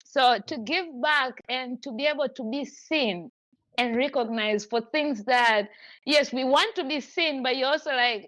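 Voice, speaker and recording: A woman's voice: high-pitched, measured pace, fairly bright tone, no room sound, highs cut off. A woman hosting a podcast, chatting effusively in long run-on stretches. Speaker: podcast host. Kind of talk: casual chat.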